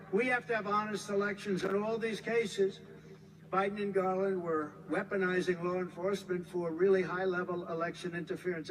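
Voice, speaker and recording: A man's voice: sits high, slight background noise, low-quality recording. Older American man, rambling rally speech. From United States. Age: 70s. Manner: rambling, repetitive, emphatic. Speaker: politician.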